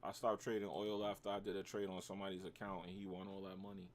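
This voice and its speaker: A man's voice: sits low, flat delivery, quick pace, slight background noise. A man with a New York accent, hosting a casual trading livestream, bantering with his chat in slangy talk and reacting to his trades.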